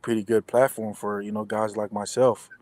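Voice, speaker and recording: A man's voice: on the low side, level tone, moderate pace, darkish tone, no room sound, poor audio. A young man, a football player and interview guest, telling a story in casual chat, rambling with many restarts and fillers.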